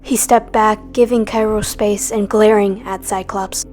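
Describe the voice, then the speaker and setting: A woman's voice: medium pitch, fairly even intonation, a little slow, darkish tone, soft background music. A woman narrating a dramatic animal story over game footage, voicing every character herself.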